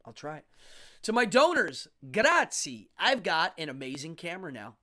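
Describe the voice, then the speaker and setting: A man with a slightly high voice hosts a casual live stream from his home setup. He chats in an animated way, greets viewers and reads the chat aloud into a studio microphone. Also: normal speed.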